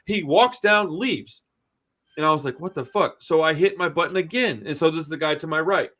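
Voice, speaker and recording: A man with a slightly higher voice than most men, swearing freely as he tells long stories in casual podcast chat. His talk is blunt and rambling. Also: moderate pace, pushed and bright. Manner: blunt, profane, rambling anecdotes. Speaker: podcast host.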